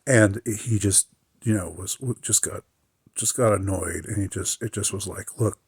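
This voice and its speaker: A man in a casual solo monologue, his voice low and a little husky. He halts often, restarts his sentences and fills pauses. The sound is dry and close, with no room around it. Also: no echo. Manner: halting, many fillers and restarts; reflective, mildly aggrieved. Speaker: podcaster.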